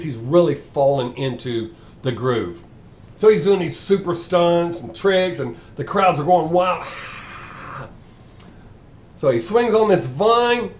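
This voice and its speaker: A man telling crude street jokes in a casual, animated way, laughing at his own punchlines. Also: fairly high pitch. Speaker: comedian.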